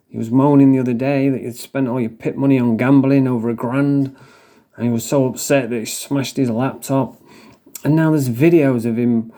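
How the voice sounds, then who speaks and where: A man's voice: medium pitch, dark tone. A man from England reacting to clips with crude, mocking casual commentary, swearing and laughing often.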